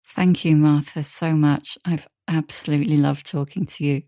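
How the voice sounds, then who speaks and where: A woman hosting a podcast, asking short questions and reading a brisk scripted sign-off. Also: sits low, steady tone, warm tone. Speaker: podcast host. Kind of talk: interview and podcast outro.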